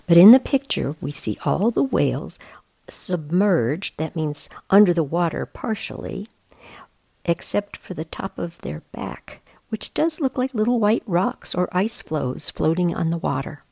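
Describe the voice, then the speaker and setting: Slow husky woman reading a picture book. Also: fairly low pitch, sing-song, no room sound. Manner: slow, gentle, explanatory. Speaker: storyteller.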